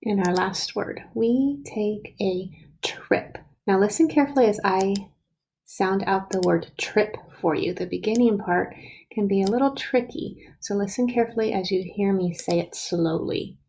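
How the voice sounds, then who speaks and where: A woman's voice: mid-range voice, normal speed, darkish tone, slight background noise, low-quality recording. A woman teacher leading a recorded writing lesson for young children, patiently sounding out each word and letter.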